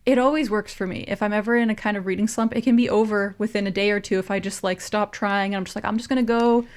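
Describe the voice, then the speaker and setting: A woman co-hosts a book podcast at an ordinary pitch. She talks easily and reassuringly, with plenty of casual fillers as she gives advice. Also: quick pace. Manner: relaxed, reassuring, many likes. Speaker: podcast co-host. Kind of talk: casual chat.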